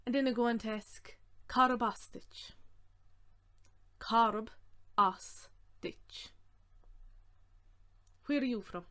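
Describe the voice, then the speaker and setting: A woman with an Irish accent teaching a language lesson, saying phrases slowly and repeating them word by word before explaining them. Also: on the high side. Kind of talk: slow, clear language lesson.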